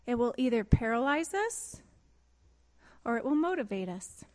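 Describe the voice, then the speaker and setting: A pastor's wife telling a funny story in a sermon, laughing often as she speaks. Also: fairly high pitch. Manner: lively and expressive, quick to giggle. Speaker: pastor's wife giving a talk.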